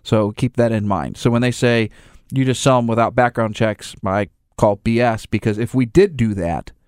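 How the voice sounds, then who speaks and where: A man's voice: medium pitch, normal speed, darkish tone, clear, resonant tone, no room sound, clean studio sound. A man who runs a gun store, talking casually in rambling restarts and acting out little scenes with other people's voices. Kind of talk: casual conversation.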